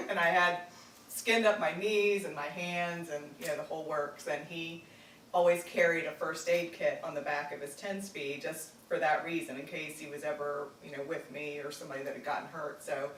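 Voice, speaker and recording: A woman from Virginia telling a personal family story, halting with many fillers and restarts. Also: sits low, fairly even intonation, a bit bright. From Virginia, United States. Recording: roomy echo, distant mic, faint noise.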